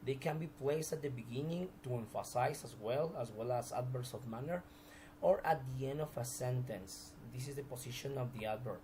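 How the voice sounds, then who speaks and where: A man's voice: mid-range voice, a little fast, mellow, slight background noise, low-quality recording. A man teaching a recorded grammar lesson, explaining examples step by step with frequent restarts.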